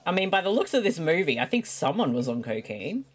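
A woman's voice: on the low side, sing-song, fairly quick. A young woman co-hosting a casual movie chat, teasing her friends and reacting in disbelief. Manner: incredulous, teasing. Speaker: podcast co-host.

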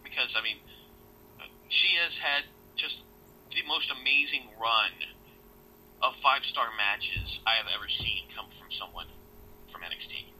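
A man's voice: medium pitch, unhurried, long pauses, sharp tone, a little hiss or hum, poor audio. A man co-hosting a casual wrestling podcast, talking bluntly and swearing now and then. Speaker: podcast co-host. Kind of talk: casual chat.

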